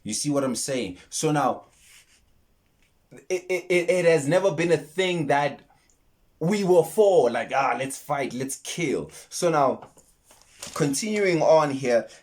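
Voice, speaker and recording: A man's voice: a little high, animated, takes it slowly, long pauses, darkish tone. Earnest man breaking down a film. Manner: earnest, repeats and restarts words, retells scenes. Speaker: YouTube film commentator. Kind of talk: casual film breakdown monologue.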